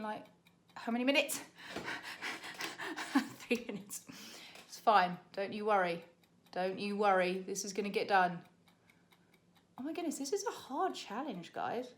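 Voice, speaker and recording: A young British woman, a makeup artist, chatting to camera in a rushed, laughing tutorial while doing her makeup. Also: fairly high pitch. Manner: chatty, rushed, laughing under time pressure.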